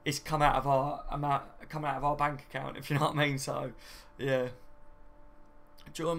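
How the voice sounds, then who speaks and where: A man's voice: a little high, vocal fry, fairly bright tone. A young man hosting a live stream, reading out viewer comments in a chatty, matey way. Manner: chatty and matey, often says "mate" and "do you know what I mean".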